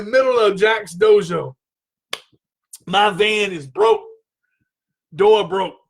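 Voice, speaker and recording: Slow-paced and high-voiced, this man hosts a talk radio show and shares a personal story with earnest feeling. He goes over the same points again and pushes his voice to a strain as his emotions rise.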